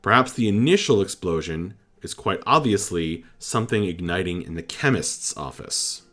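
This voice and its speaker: A man narrating a tabletop game as game master, slowly, with many pauses and fillers. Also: sits low, expressive, fairly bright tone.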